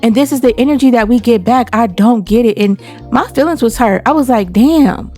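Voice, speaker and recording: A woman from the United States hosting a commentary video, telling a story in a lively, conversational way. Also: a little high, a little fast, soft background music. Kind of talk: casual commentary.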